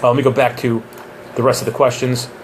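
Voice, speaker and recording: A man's voice: mid-range voice, level tone, quick pace, slight background noise. A man who trains police officers, giving a casual live question-and-answer session with jokes and digressions.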